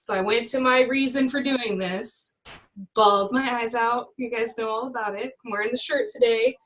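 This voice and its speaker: A woman's voice: on the high side, normal speed, fairly bright tone, rough recording. A woman in a casual motivational chat, animatedly telling stories and acting out exchanges, who leads a team of her own. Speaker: team member leading her own group.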